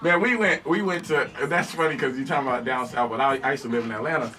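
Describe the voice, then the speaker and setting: A man's voice: mid-range voice, fast talker, bright, forceful tone, far from the mic. A man hosting a radio show, telling a funny story in casual chat and laughing often. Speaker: radio host.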